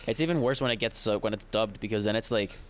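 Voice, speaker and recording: A man's voice: fairly low pitch, quick pace, slight background noise. A young man in casual chat, rambling and joking with friends, laughing often.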